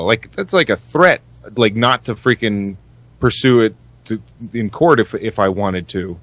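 A man's voice: lowish voice, moderate pace, fairly bright tone, dry recording. A man co-hosting a podcast, talking casually in a rambling way with heavy swearing and many restarts. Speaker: podcast co-host. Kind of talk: casual chat.

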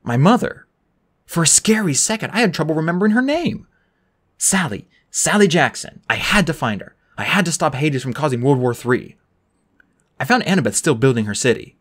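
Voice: medium pitch, moderate pace. An audiobook narrator reading a first-person novel aloud and giving each character its own voice. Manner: animated, voices every character.

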